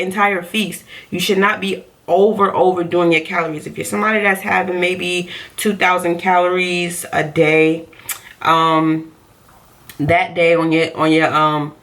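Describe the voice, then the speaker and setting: A woman's voice: on the low side, fairly bright tone. A woman coaching on diet in a casual vlog, chatty and repeating her points for emphasis.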